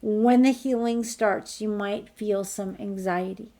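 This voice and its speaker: A woman leading a group healing call, talking listeners through it in a gentle, reassuring, slow guiding way. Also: medium pitch, steady tone. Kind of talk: guided healing talk.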